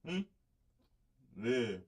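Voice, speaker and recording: Blunt, preachy male host in his thirties, mid-pitched, talks straight at his viewers. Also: big pitch swings, extremely slow, darkish tone, slightly rough. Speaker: show host. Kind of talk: casual live-stream talk.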